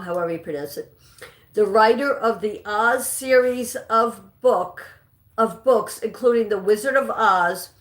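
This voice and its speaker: Slow-talking chatty woman trivia host. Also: medium pitch. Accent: non-native English. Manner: chatty, reads out viewer names and answers. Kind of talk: casual live-stream chat reading trivia questions. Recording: echoey room.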